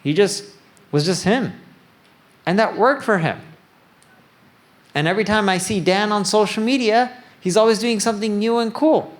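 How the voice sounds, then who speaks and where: A man's voice: high-pitched, normal speed, pauses often. A man giving a conference keynote in a casual, self-deprecating way, plain-spoken and a bit nerdy, with a joking tone. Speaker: keynote speaker. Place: conference stage before an audience.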